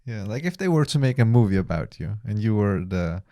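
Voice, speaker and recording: A man's voice: fairly low pitch, very animated, a little fast, dark tone, no echo, studio quality. Teasing man on a podcast. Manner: laughs often, teasing. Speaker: podcast co-host. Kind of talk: casual podcast chat.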